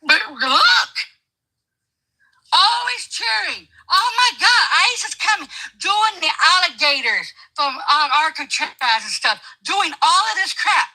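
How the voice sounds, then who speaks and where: A woman with a high, ringing, very bright voice talks politics in a heated chat. She preaches and mocks, hammering her points home through repetition. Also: rough recording. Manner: emphatic, preachy, mocking, repeats herself. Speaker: guest commentator.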